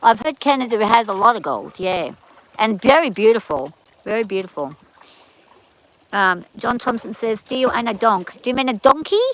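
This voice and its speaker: A woman's voice: a little high, lively intonation, normal speed, low-quality recording. A woman with a rural Australian accent, hosting a live stream outdoors and chatting casually as she reads viewer comments aloud and answers them. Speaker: livestream host reading chat.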